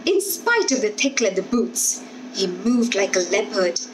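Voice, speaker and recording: A woman's voice: medium pitch, sing-song, unhurried, noisy background. A woman reading a story aloud for children, carefully and expressively. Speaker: story reader.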